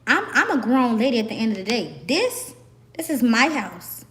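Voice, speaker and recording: Hoarse young Southern woman ranting. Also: on the high side, big pitch swings, moderate pace. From American South. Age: young adult. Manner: sassy, emphatic, repeats herself. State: hoarse, voice worn out. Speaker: vlogger. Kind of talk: ranting to camera.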